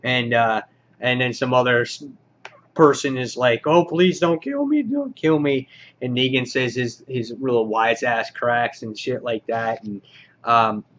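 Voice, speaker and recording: A man giving a casual comic book review, rambling with many filler words and getting excited as he goes. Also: mid-range voice, muffled recording.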